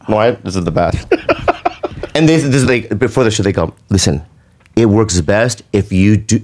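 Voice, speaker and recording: A man telling a long comic story in casual chat, acting out quotes and laughing often. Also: on the low side. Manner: animated, laughing, acts out quotes. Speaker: comedian guest.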